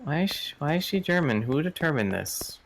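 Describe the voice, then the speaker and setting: A man's voice: on the high side, big pitch swings, fairly quick, gravelly, slight background noise. A man chatting casually as a guest player on a live stream, bemused and joking in his reactions. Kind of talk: casual chat while gaming.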